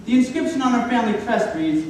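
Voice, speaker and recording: A man's voice: very high-pitched, lively intonation, fast talker, a little mellow, slight background noise. A young man playing a pompous court herald. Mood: formal. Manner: formal and announcing. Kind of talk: school stage musical acting. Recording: echoey hall from far off.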